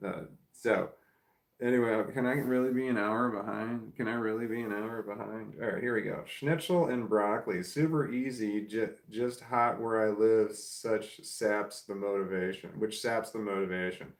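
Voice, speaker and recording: A man's voice: lowish voice, fairly even intonation, normal speed. A middle-aged man chatting casually with live viewers, rambling, restarting sentences and swearing offhand. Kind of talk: casual live chat, reading comments. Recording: roomy echo.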